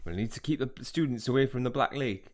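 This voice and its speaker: A man voicing a gruff older male magical creature keeper for a game, speaking slowly, loudly and emphatically. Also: medium pitch, natural voice. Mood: grave. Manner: slow, loud and emphatic delivery.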